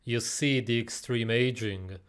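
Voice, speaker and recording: A man's voice: mid-range voice, unhurried, a bit bright, clean tone. A man giving mocking, sarcastic reaction commentary on a video. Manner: scornful, sarcastic.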